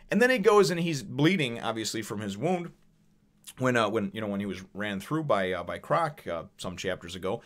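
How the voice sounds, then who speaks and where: In a low-leaning, fairly bright voice with big swings in pitch, a man reviews a manga chapter at a moderate pace. The conversation is offhand and rambling, sprinkled with profanity, fillers and chuckles.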